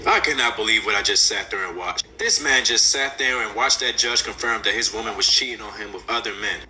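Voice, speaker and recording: A man's voice: fairly low pitch, a little fast, music in the background, poor audio. A man ranting indignantly in angry commentary, swearing freely.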